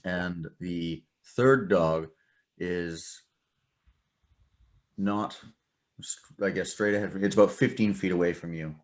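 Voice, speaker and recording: Male game master, low-ish voice, halting delivery with many fillers, casual tabletop session.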